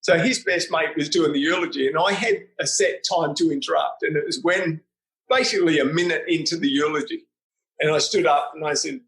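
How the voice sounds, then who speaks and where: Aussie bloke, high gravelly voice, swears a lot, tells stories straight. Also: male voice, brisk, a bit bright, poor audio. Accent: Australian. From Australia. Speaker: guest, private investigator. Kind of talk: casual interview storytelling.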